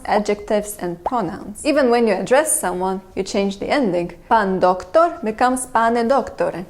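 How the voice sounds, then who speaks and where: A woman's voice: fairly high pitch, a little mellow. Woman narrating a language lesson. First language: Russian. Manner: measured, explanatory, with dry humor. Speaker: language channel host. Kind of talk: scripted educational narration.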